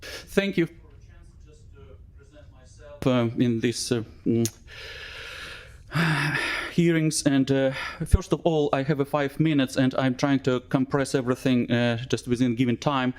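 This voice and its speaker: A man presenting his appeal at a council hearing, emotional and halting, with many fillers and non-native English phrasing, into a desk microphone in a council chamber. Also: medium pitch, fairly even intonation, darkish tone, clear, resonant tone. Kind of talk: public presentation.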